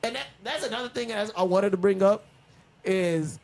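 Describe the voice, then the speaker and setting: A man co-hosting a casual podcast debate, pressing his case in quick, argumentative banter. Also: high voice, vocal fry, darkish tone. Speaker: podcast co-host.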